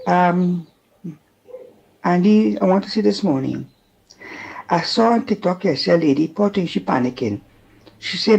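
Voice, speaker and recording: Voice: mid-range voice, lively intonation, moderate pace, creaky, pauses often, a little mellow, breathy edge. A caller with a Trinidadian accent, talking in a chatty, indignant way and often addressing the host by name. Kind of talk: call-in talk. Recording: dull lo-fi call-in line.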